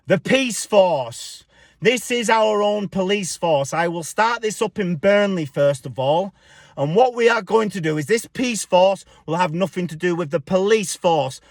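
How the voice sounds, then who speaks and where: A man's voice: high-pitched, no echo, clean studio sound. A man ranting on his vlog in a blunt, profane, defiant way. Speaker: spiritual vlogger. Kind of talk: casual ranting monologue.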